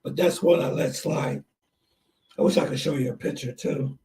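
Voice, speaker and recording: A man's voice: a little high, normal speed, warm tone, far from the mic. A man hosting a casual podcast chat, telling stories in a rambling, hesitant way. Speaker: channel host.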